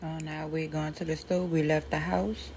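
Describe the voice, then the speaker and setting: A woman with a New Orleans accent calmly walking through a route step by step. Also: sits low, moderate pace, a little hiss or hum, low-quality recording. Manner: plain, step-by-step describing. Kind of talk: slow route narration.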